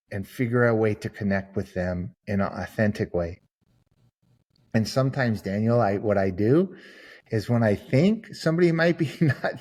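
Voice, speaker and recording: A man's voice: mid-range voice, a little mellow. A man, a guest author on a podcast, giving long earnest answers and acting out the people in his stories. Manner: earnest storyteller, acts out quoted people. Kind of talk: conversational interview answer.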